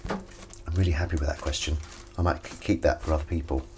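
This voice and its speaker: A man's voice: very deep voice, steady tone, a little fast, background noise. A man livestreaming from his kitchen while washing up, chatting casually with viewers and reading their comments in a rambling, self-mocking way.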